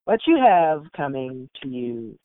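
Lively-voiced woman on a tinny line. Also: a bass voice, no echo. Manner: measured, turns to loud laughing shouts. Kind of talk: casual chat. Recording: tinny phone-like audio.

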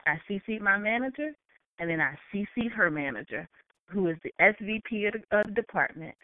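A woman telling a work story in casual chat, animated and laughing, with frequent swearing. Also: mid-range voice, a little fast, dry recording. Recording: tinny phone-like line.

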